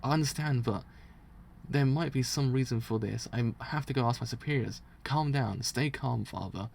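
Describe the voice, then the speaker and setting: A man's voice: medium pitch, normal speed, gravelly, darkish tone. A man voicing a nervous young male prison guard while reading a manga aloud, polite and stammering as he soothes someone. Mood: placating.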